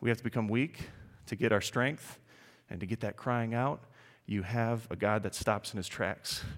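A man preaching a sermon in an animated, emphatic way, often putting questions to his congregation. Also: fairly low pitch, moderate pace, long reverb tail. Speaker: pastor.

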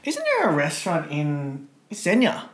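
A man co-hosting a podcast, trading quick jokes and affirmations in casual chat. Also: on the high side, huge pitch swings. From Australia. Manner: joking banter, quick affirmations. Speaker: podcast co-host.

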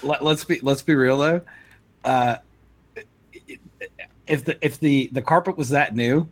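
A man's voice: medium pitch, dry recording. A young man with a mid-range voice jokes and teases in loose podcast banter. The sound is dry and close, with no room around it. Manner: joking, quick to tease. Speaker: podcast co-host. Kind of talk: casual chat.

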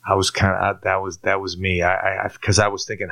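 A man from Turkey tells his conversion story in a low, bright, forceful voice. He is a lively storyteller who acts out what he once said, and he often trips into repeated-word restarts. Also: fast talker, vocal fry, a little hiss or hum. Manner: animated storyteller who acts out his own past lines. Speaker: guest giving a testimony. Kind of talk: personal faith testimony in conversation.

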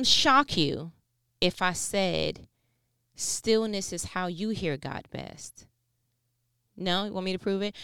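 Smooth-voiced woman giving an animated faith talk. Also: on the low side, no echo. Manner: animated preaching, swings between rapid bursts and slow, hushed emphasis. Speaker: faith speaker.

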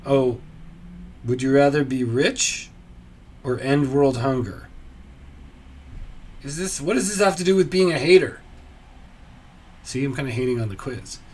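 A man's voice: medium pitch, unhurried, pauses often, a little mellow, husky. Dry, self-mocking man musing aloud. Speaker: podcast host. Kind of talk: solo comedy podcast, casual musing.

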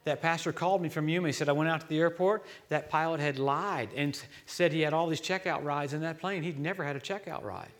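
Male guest preacher, slightly high voice, lively storyteller. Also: fast, hardly any pauses. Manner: storytelling, animated and joking, swings loud to hushed. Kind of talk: sermon. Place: church.

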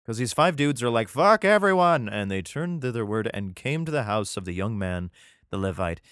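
A man reads old scripture aloud and keeps cutting in with sarcastic, profane jokes. His voice rises and falls in a lively way, and the sound is close and dry with no room echo. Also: fairly low pitch, moderate pace, clean tone. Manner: irreverent, sarcastic profane asides. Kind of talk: reading scripture aloud with comedic commentary.

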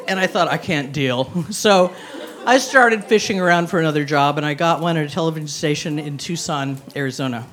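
A woman's voice: deep voice, a little fast, a bit bright. Wry woman telling a story on stage. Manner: wry, self-mocking, laughing through lines. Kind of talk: live personal storytelling. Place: stage before an audience.

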